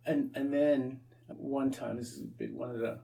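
A man's voice: mid-range voice, fairly even intonation, normal speed, creaky, warm tone, far from the mic, a little hiss or hum. A Canadian man, an Anglican priest, telling his story as an interview guest, often repeating and restarting his words.

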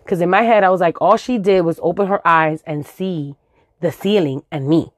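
Speaking at a normal speed in a fairly low pitch, a woman from the Dominican Republic in her forties spins a funny tale full of curses, sound effects and Spanish words. The studio sound is clean and has no echo.

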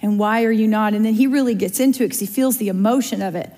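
A woman's voice: medium pitch, fast talker, mellow. A woman teaching a Bible study in a chatty, conversational way, often checking in with her listeners. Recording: long reverb of a large room.

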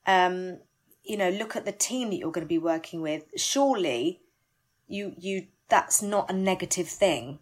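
Woman, stage actress, candid and animated, quick bursts when excited. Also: on the low side. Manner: animated, self-deprecating, rushes words when excited. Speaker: musical theatre actress, guest. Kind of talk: candid interview chat.

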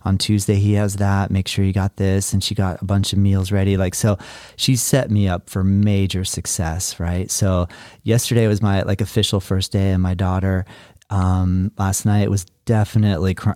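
A man's voice: low voice, flat delivery, moderate pace, dark tone, no echo, clean studio sound. A middle-aged man hosting a podcast, talking in an earnest, rambling way with a shifting pace. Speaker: podcast host. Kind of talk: casual interview chat.

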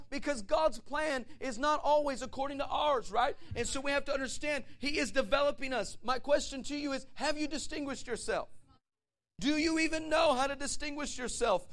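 A man preaching a sermon to a congregation, telling a personal story with animated, swelling delivery that rises to shouts. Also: very high-pitched. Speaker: pastor.

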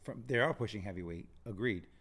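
A man's voice: lowish voice, animated, a little fast, fairly bright tone. A man co-hosting a fitness podcast in casual chat, agreeable and always chiming in with "right.". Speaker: fitness coach and podcast co-host.

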